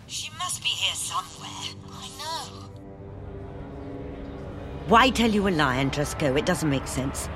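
A woman's voice: fairly low pitch, big pitch swings, unhurried, long pauses, over music. An actress playing a cold, commanding female villain who speaks curtly and with contempt.

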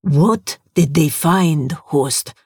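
A man reading a story aloud and voicing an anxious little male museum curator who asks pleading, slow questions in a raised voice. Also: very high-pitched, animated, slightly rough, no echo, clean studio sound, pitched above the performer's own voice, full character voice. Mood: urgent.

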